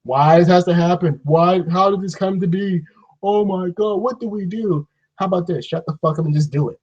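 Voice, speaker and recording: Man, ranting monologue, sarcastic, exasperated, raised pitch, muffled lo-fi sound. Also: moderate pace, a little mellow. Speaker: vlogger. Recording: dull lo-fi recording.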